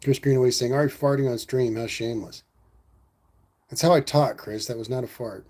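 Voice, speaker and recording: A man's voice: medium pitch, normal speed, darkish tone. A man hosting a casual livestream, reading viewer comments aloud and answering in a laid-back, rambling way. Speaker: livestream host reading chat.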